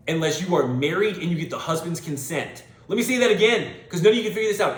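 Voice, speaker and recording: A man's voice: sits high, animated, fast, hardly any pauses, roomy sound. A man hosting a show, giving an opinionated monologue in an emphatic, lecturing way and repeating phrases for stress. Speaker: podcast host.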